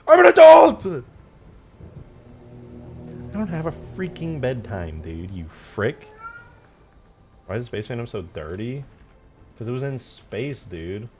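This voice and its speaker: A young man with a lowish voice talks on a live stream. His pitch swings widely as he rambles through profane, slang-heavy stories. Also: lively intonation, a little slow, pauses often, a little mellow, soft background music. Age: 20s. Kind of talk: casual live-stream chat.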